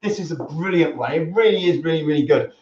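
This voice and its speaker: A man's voice: a little high, fast talker, darkish tone, a little hiss or hum. A man teaching a dance class on a live stream, chatty, counting the steps aloud. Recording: roomy, distant, dull live stream.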